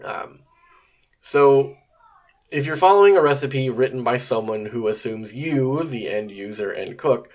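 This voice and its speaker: A man hosts a solo podcast in a casual, conversational way. His voice sits at an ordinary middle pitch. He rambles along with plenty of fillers and the occasional curse. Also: animated, unhurried. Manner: conversational, rambling, frequent fillers and mild swearing. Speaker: podcast host.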